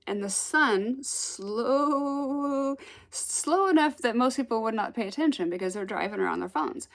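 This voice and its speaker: A woman telling a personal spiritual story in a casual, animated way, acting out the voices she quotes and laughing often. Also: on the high side.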